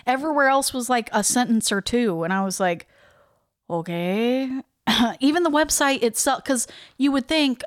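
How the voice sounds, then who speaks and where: A woman co-hosting a podcast at a mid pitch, talking casually and with a wry humor. She reads her research notes aloud and drops offhand jokes between the lines. Her voice is close and dry, with no room sound. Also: no room sound. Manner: chatty, wry, laughs easily, reads notes aloud with asides. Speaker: podcast co-host.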